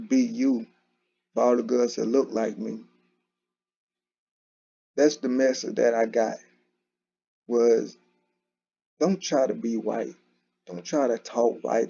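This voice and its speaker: A man with a gravelly, husky voice talks through his views in a loose, unscripted monologue. His tone is dark and mellow, and he often restarts his sentences. The sound is dull and lo-fi. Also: medium pitch. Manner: conversational, repetitive, with frequent restarts and "you know". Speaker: commentary channel host. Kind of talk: casual solo commentary. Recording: dull lo-fi recording.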